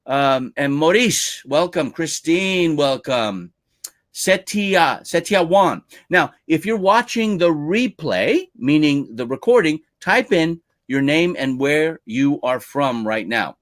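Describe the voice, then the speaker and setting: A man's voice: on the high side, animated, takes it slowly. A male lead trainer hosting a live-stream webinar, upbeat as he reads out viewer names one by one and welcomes them.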